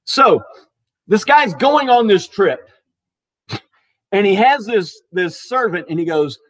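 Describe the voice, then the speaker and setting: A man with a fairly high voice preaches in a relaxed, conversational way. He retells a story with easy restarts, and the sound is dry and close. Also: takes it slowly, no room sound. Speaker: pastor. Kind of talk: casual sermon storytelling.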